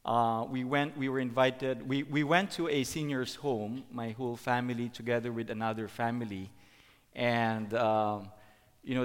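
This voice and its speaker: A middle-aged man giving a sermon as a preacher, halting, with many fillers and restarts. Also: medium pitch, clear, resonant tone. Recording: long hall reverb.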